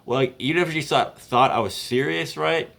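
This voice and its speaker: A young man in his twenties tells a story casually at a medium pitch. He rambles, leans on fillers, and laughs between lines. His tone stays loose and conversational throughout. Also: moderate pace, vocal fry, fairly bright tone.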